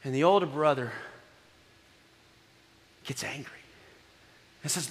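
A man pastor preaching a sermon, dramatic, moving from loud exclamations to soft, low appeals. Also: moderate pace, pauses often, big-room sound.

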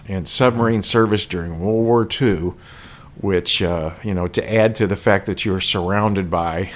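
A man discussing a war film in casual conversation, thoughtful and hesitant, with frequent fillers and restarts. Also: deep voice.

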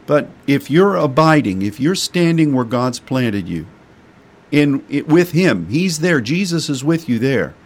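A man's voice: medium pitch, sing-song, measured pace. A middle-aged man preaching a sermon in a folksy, homespun way.

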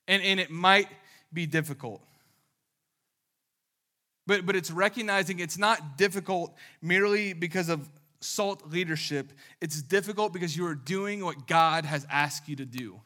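A man preaching a conversational sermon, telling lively stories in a casual way with plenty of fillers. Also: a little high, unhurried. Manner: casual, animated storytelling with many fillers. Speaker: pastor.

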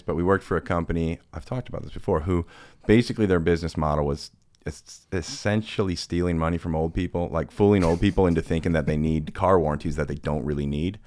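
Podcast host, young adult man, very low voice, dry close mic, playful storyteller. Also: dry recording. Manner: animated storyteller, laughs often, jokey asides. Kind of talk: casual chat.

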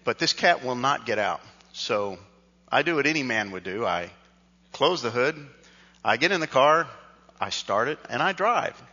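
A pastor with a bright, forceful voice tells a funny story from the pulpit, loose and conversational. His voice rings through a big hall with a long tail of reverb, and the sound is slightly dull. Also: medium pitch, lively intonation, normal speed. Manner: conversational storytelling, self-deprecating. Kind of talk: sermon with personal story.

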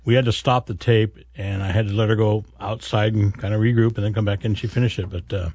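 A man's voice: fairly low pitch, fairly even intonation, fast talker, a little mellow, no room sound. Folksy rambling male radio host. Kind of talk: casual radio chat. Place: radio studio. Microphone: studio microphone.

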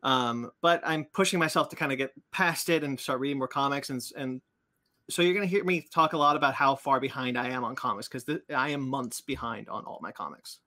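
A man's voice: mid-range voice, brisk, sharp tone. A man hosting a casual podcast chat, rambling with many fillers and restarts. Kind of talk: casual chat about comics and cartoons.

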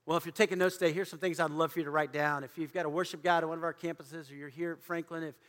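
A man's voice: fairly high pitch, fairly even intonation, racing, fairly bright tone, long reverb tail. A man preaching a sermon in a church, dramatically acting out the voices of biblical figures. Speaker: pastor. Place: church auditorium.

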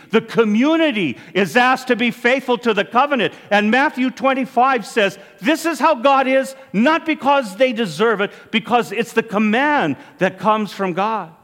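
A man's voice: extremely high pitch, moderate pace, fairly bright tone, long reverb tail. A man preaching a sermon as a priest, earnest and emphatic, his voice rising and falling as he makes each point. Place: church.

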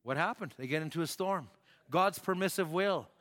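A man preaching a sermon in a church hall, telling stories with animation, acting out voices and rising to shouts. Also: fairly high pitch, moderate pace. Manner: animated storytelling, acts out voices, rises to shouts. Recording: long hall reverb.

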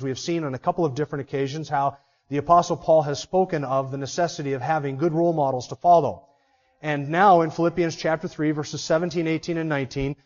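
Male pastor, high voice, emphatic sermon delivery with rhetorical questions; muffled lo-fi church recording. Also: a little mellow.

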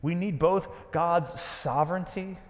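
A man preaching a sermon, dramatic and conversational, dropping to a hush on key lines. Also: on the high side, unhurried, big-room sound. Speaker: pastor.

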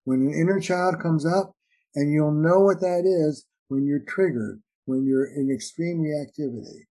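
An older man speaking as a therapist, his voice mellow and a little higher than most. He talks animatedly and slips into brief acted-out exchanges. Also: a little slow, poor audio. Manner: animated, acts out little dialogues with shifting voices. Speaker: relationship therapist and author. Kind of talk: conversational interview answers.

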